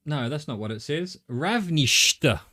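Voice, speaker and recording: A man's voice: mid-range voice, expressive, a little slow. Middle-aged Australian man streaming a game. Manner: rambling, thinking aloud, swears casually. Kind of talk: live gameplay commentary.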